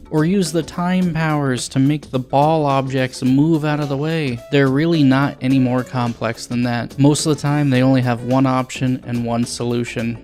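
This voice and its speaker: A man's voice: mid-range voice, darkish tone. A young man reviewing a video game, blunt and sarcastic with crude jokes.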